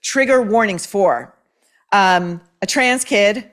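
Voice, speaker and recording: A woman's voice: mid-range voice, slow, a bit bright. A woman hosting a show, reading viewer mail and advice letters aloud and reacting with blunt, sarcastic commentary full of swearing. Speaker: host.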